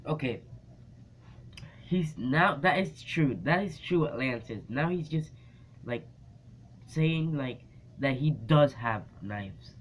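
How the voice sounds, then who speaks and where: A man's voice: mid-range voice, animated, takes it slowly, pauses often, slight background noise. A man giving casual reaction commentary on a video, drawling and skeptical. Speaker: reaction vlogger.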